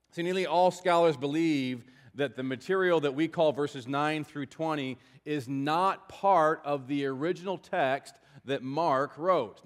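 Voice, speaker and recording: Man, pastor, conversational sermon, mid-pitched voice, long hall reverb. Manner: conversational, explanatory preaching with asides.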